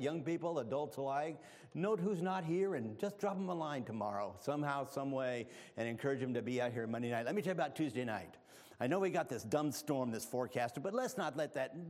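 A man's voice: fairly high pitch, darkish tone, long reverb tail. A man preaching as a visiting evangelist, telling folksy stories with humor and praying fervently in a church sanctuary. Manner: fervent prayer. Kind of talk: sermon.

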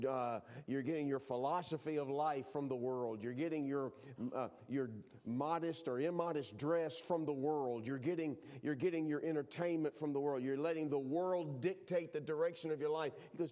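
A pastor from Texas delivering a sermon in a loose, conversational way, often doubling back and restarting his phrases. His voice sits at an ordinary, middle pitch for a man. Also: warm tone. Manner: conversational preaching with repeated restarts.

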